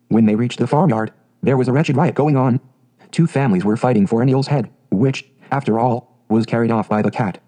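Mellow male storybook narrator. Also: medium pitch. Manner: calm, measured reading.

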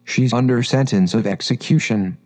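A man voicing a timid, anxious white rabbit who speaks in hushed tones in a storybook reading. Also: mid-range voice, moderate pace, lightly acted. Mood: fretful.

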